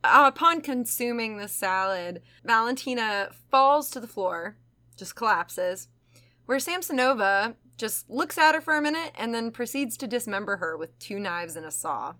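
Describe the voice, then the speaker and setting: A woman with a bright, high-set voice tells a crime story on a podcast. Her pitch swings widely as she laughs, swears and acts out the people in the case. She sounds loose and chatty. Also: normal speed. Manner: laughing, profane, animated storytelling. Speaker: podcast co-host. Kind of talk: casual true-crime podcast chat.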